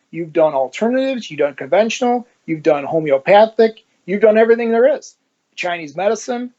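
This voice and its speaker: A man's voice: a little high, dull audio. A man who is a former police officer, telling his story in an interview and acting out the dialogue as he goes. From Ohio, United States. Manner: animated storyteller who acts out quoted dialogue.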